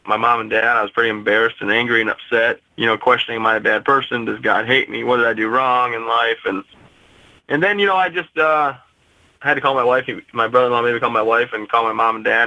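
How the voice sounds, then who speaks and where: A man in his twenties telling a personal story as an interview guest, steady and matter-of-fact. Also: medium pitch, vocal fry, dry recording, low-quality recording. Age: 20s.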